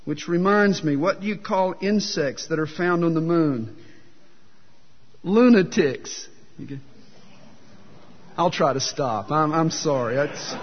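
Man, pastor, folksy sermon with jokes, high voice, muffled echoey hall. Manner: folksy storyteller, self-deprecating humor.

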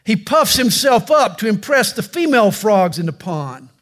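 A male pastor preaching a sermon, with animated storytelling and touches of humor. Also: sits high, normal speed.

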